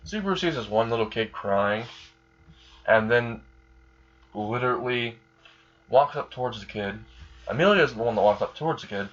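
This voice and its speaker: A man's voice: medium pitch, expressive, moderate pace, pauses often, a bit bright, muffled recording, soft background music. A man casually narrating an improvised fan story, rambling with many fillers.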